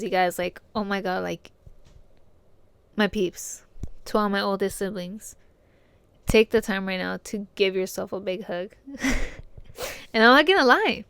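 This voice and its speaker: A woman's voice: medium pitch, clean tone, no room sound. A young woman hosting her podcast, talking casually and from the heart to her listeners in a slangy way that is full of swearing. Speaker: podcast host.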